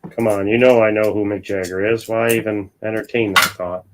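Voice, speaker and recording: A fairly low-voiced man from Ohio hosts a casual livestream while sorting coin rolls. He talks bluntly, with crude jokes and teasing banter, and a faint noise sits behind him. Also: steady tone, brisk. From Ohio, USA. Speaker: livestream host.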